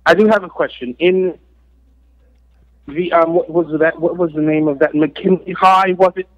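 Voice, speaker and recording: A man calling in to a podcast, putting on a pompous posh English gentleman's voice and calling everyone sir. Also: on the high side, a little fast, no room sound, close to an everyday voice. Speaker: caller. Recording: muffled phone line.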